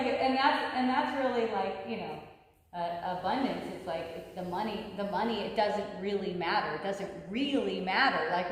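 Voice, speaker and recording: A woman giving a casual spiritual talk full of anecdotes. She rambles, with frequent fillers and restarts, and laughs often between points. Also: mid-range voice. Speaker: spiritual teacher. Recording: echoey hall with long reverb.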